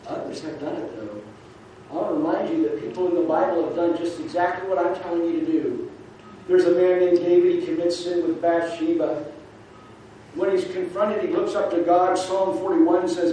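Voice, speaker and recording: A man preaching a sermon as a pastor, his fairly high voice rising into loud urging and dropping to soft asides. He is caught from a distance, with a strong echo off the hall and faint ambience behind him. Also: fairly even intonation, normal speed, a little hiss or hum. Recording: distant mic in an echoing hall.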